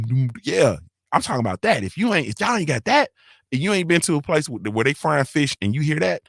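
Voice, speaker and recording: A man's voice: mid-range voice, fairly bright tone, dry recording, studio quality. A man hosting a morning show, talking in loose slang with swearing and laughter, often checking in with his listeners. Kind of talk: casual live-stream chat.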